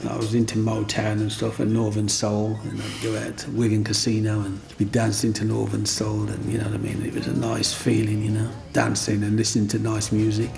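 Over music, a man with a lowish, vocal-fry voice speaks fairly quickly and in a completely flat way, hardly pausing. He's being interviewed and tells stories from his life, rambling, repeating himself and frequently asking "you know what I mean."

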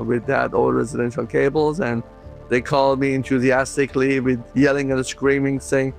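Gravelly man from the Middle East recounting. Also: medium pitch. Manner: earnest, halting, with fillers. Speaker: inventor interviewee. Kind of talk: recounted interview.

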